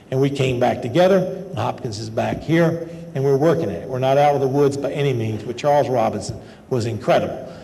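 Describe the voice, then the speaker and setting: A man's voice: medium pitch, vocal fry, warm tone. An older man, a medical school professor, giving a lecture in a folksy, conversational storytelling manner. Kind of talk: lecture with personal stories. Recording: lecture hall with long reverb and faint noise.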